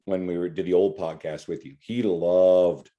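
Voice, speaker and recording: A man's voice: deep voice, fairly even intonation, normal speed, muffled recording. A man hosting a podcast, talking bluntly and with animation, swearing freely as he makes his point. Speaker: podcast host. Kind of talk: casual podcast chat.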